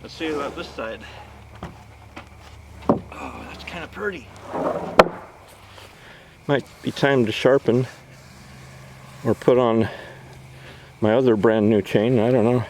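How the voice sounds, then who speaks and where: Man, folksy outdoor chat, mid-pitched voice, faint background noise. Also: takes it slowly, pauses often. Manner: chatty, folksy, talks to viewers while working. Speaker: video host. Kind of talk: casual outdoor commentary. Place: outdoors at a log-milling site.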